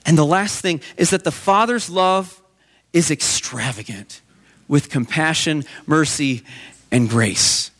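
A man's voice: a little high, slow, fairly bright tone. A man preaching a sermon as pastor, telling a story in an earnest way.

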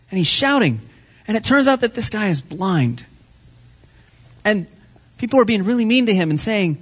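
A man's voice: high-pitched, sing-song, a little fast. A man giving a children's sermon in church, asking the kids friendly questions. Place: church sanctuary.

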